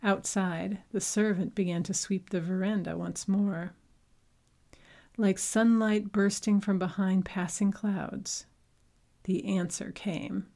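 A woman reading a story aloud as narrator, with a measured, unhurried delivery. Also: mid-range voice, fairly even intonation, gravelly, dark tone. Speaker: audiobook narrator. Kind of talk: scripted narration.

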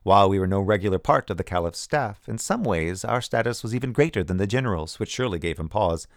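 A man narrating an audiobook in the first person, in an even storytelling manner. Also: fairly low pitch, fast, no room sound, clean studio sound.

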